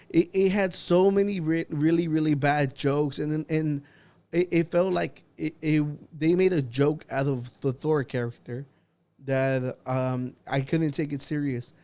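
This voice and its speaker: Here a young man co-hosting a podcast talks casually in a higher-leaning, slightly mellow voice. He drifts from point to point with plenty of fillers and laughing.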